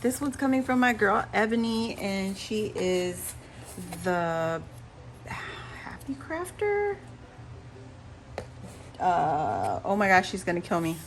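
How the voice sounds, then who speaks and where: A woman's voice: medium pitch, expressive, measured pace, slight background noise. A woman vlogging as she opens happy mail, gushing, squealing and laughing as she talks to her viewers. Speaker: crafting YouTuber opening happy mail. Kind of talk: casual vlog unboxing.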